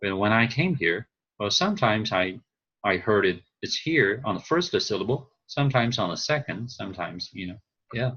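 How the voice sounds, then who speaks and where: A man whose first language is Chinese, teaching a class over a video call and explaining slowly with frequent pauses and fillers. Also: on the low side, lively intonation, pushed and bright, husky, lo-fi sound. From China. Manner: slow, hesitant, thinking aloud with fillers. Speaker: instructor.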